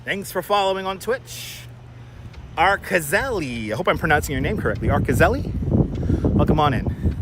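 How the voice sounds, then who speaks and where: A man's voice: on the high side, sing-song, normal speed, long pauses. Chatty male street live streamer. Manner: chatty, joking, greets viewers by name. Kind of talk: casual walking live-stream chat. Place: outdoors on city streets. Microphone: wireless clip-on mic. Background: faint city traffic.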